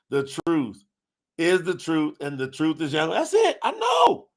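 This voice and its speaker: A man with a slightly high, creaky voice hosts a religious livestream, reading chat comments aloud and preaching. His delivery is animated and preacher-like, and now and then he shouts.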